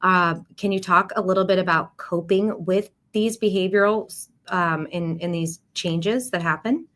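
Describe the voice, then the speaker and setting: A woman's voice: on the low side, a little slow, a bit bright. A woman hosting a caregiving livestream, introducing topics and guests with fillers and repeated words. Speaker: livestream host. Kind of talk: livestream panel talk.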